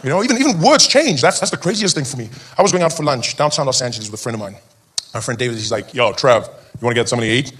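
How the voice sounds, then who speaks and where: Casting: South African male comedian, slightly raised pitch, lively character voices mid-set, faint room hum behind. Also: rapid-fire. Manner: animated storytelling, acting out characters in funny voices. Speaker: stand-up comedian. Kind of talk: stand-up comedy routine. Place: comedy stage before a live audience.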